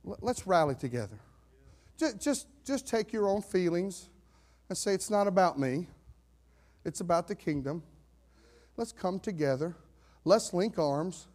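Fired-up pastor preaching. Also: male voice, high voice, lively intonation, moderate pace. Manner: fervent preaching, swinging between fired-up shouts and hushed asides. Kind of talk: sermon. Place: church sanctuary.

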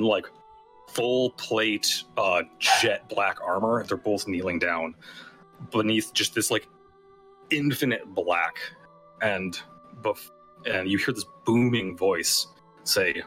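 Bright-voiced man running a tabletop game. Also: lowish voice, poor audio. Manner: casual, many fillers and restarts. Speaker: game master.

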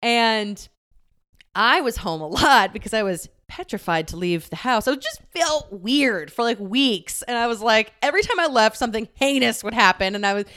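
A young woman hosting a podcast, chatting candidly about her own life in a lively, laughing way with casual swearing. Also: on the high side, moderate pace. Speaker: podcast host. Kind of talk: candid personal storytelling.

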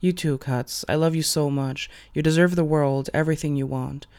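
A man voicing a gentle, devoted young male hero who speaks in a soft, soothing, hushed way. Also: on the high side, fairly even intonation, normal speed, smooth, lightly acted. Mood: tender.

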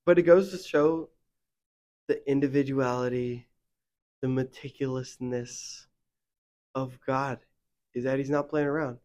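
A young man co-hosts a faith podcast, his voice medium in pitch with a measured pace and frequent pauses. He talks casually and rambles, packing in fillers, and gets heated and animated when he vents.

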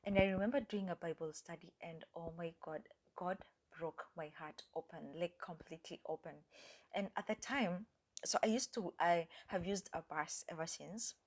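A woman's voice: lowish voice, normal speed. A young woman hosting a podcast, telling her personal faith story in an earnest, reflective way, with fillers and at times dropping almost to a whisper. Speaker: podcast host. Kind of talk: personal faith testimony, casual talk.

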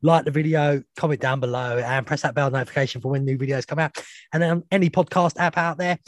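A man's voice: on the high side, steady tone, quick pace, no room sound. A man hosting a casual podcast over a video call, jokey and chatty as he steers the talk. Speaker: podcast host.

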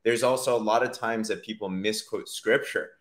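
A man's voice: fairly low pitch, fairly even intonation, normal speed, a bit bright. A man hosting a podcast interview, speaking in an affirming, encouraging way with frequent murmured agreement. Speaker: podcast host. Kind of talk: casual faith-based interview talk.

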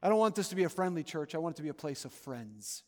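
A man preaching a sermon as pastor of his church, earnest, moving between loud urging and soft, hushed pleading. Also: a little high, sing-song, fast, in a large hall. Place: church sanctuary.

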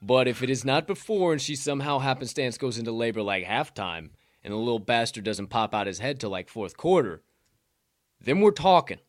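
A man's voice: medium pitch, animated, a little fast, no room sound, clean studio sound. A man with a Southern accent co-hosting a casual sports betting podcast, loose and profane, with hyped sign-offs. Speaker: podcast co-host.

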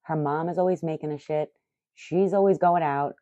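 A middle-aged woman vlogging in casual chat, excitable, profane and rambling. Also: low voice, normal speed, dry recording, highs cut off.

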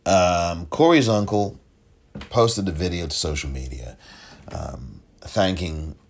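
A man hosting a solo commentary podcast, emotional and halting, often repeating himself. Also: deep voice, animated, a little hiss or hum. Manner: emotional, halting, repeats himself, audibly moved to near tears. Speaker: podcast host.

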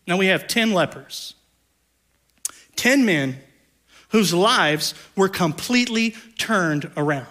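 A man preaching a sermon as pastor, dropping to hushed low lines and rising to loud raised ones, with playful conversational asides.

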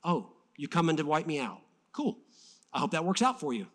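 A preacher plays a totally chill old prophet who talks in a soft, lazy drawl, unbothered while everyone else panics. His voice drops low and quiet, the pace loose and casual. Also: animated, quick pace. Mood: cool. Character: unbothered old prophet, laid-back and cool.

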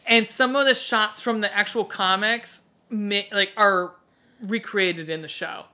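A woman's voice: medium pitch, measured pace, bright, forceful tone. A woman co-hosting a podcast in casual chat, swearing freely and gushing enthusiastically as she rambles. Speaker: podcast co-host.

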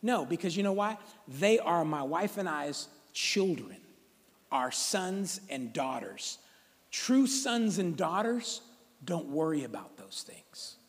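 A male pastor preaches to his congregation, exhorting them and teasing them with jokes. His high voice leaps around animatedly from phrase to phrase. A long church reverb hangs on every line. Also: sing-song, takes it slowly. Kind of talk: sermon. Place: church sanctuary.

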